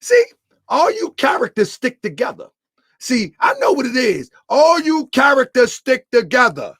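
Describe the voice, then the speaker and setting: Loud high-pitched man teasing on stream. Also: wildly swooping pitch, unhurried, breathy edge, no echo, clean studio sound. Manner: loud, laughing, teasing, repeats himself. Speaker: livestream host. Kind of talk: live stream commentary.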